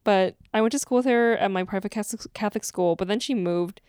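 A woman's voice: medium pitch, fast, darkish tone, clear, resonant tone, dry recording, studio quality. A woman co-hosting a podcast in casual chat, talking in a meandering, chatty way. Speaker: podcast co-host.

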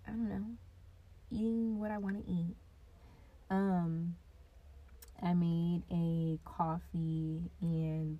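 A woman in her twenties hosts her own podcast in a loose, rambling solo chat, her voice sitting a little low. She sounds high, laid-back and giggly as she drifts from one thought to the next. The sound comes from a built-in device mic rather than a proper podcast mic. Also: dark tone. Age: 20s. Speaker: podcast host.

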